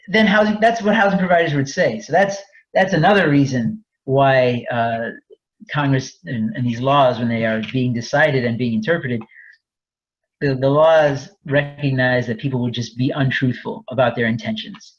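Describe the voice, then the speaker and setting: A man's voice: mid-range voice, normal speed, slightly rough, muffled recording. A man presenting a fair housing webinar, explaining in a candid, conversational way with frequent restarts. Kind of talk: webinar lecture.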